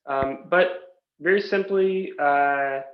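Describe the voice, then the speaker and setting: A man presenting a technical proposal on a video call, speaking haltingly with many fillers. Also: fairly high pitch. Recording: echoey room, dull lo-fi audio.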